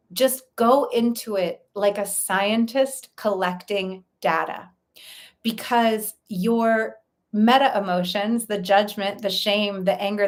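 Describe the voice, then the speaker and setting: A woman coach speaks straight to her viewers in an earnest, explanatory way, stacking her points one after another in steady lists. Her voice sits in a middle pitch, neither high nor low. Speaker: life coach. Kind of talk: direct-to-camera coaching talk.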